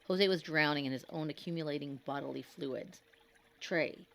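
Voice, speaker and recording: A woman with a notably low voice narrates a scripted horror story. She reads in a grave, measured way and leans on the dramatic moments. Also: gravelly.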